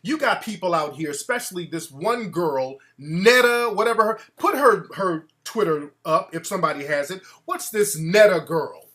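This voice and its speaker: A man hosting a talk show, ranting in an animated, mocking way and putting on voices to quote people. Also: high-pitched, normal speed, hardly any pauses. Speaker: show host. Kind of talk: casual talk-show rant.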